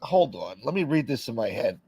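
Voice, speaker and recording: Profane, rambling livestream host. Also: male voice, medium pitch, sing-song, fairly quick, gravelly, darkish tone, husky, no room sound. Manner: rambling, profane, reads chat aloud. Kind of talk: casual livestream chat.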